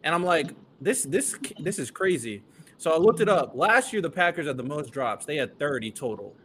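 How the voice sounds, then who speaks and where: Man, bright tone, slightly high, analytical, sports debate co-host. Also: a little fast, slight background noise. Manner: analytical, builds points with stats.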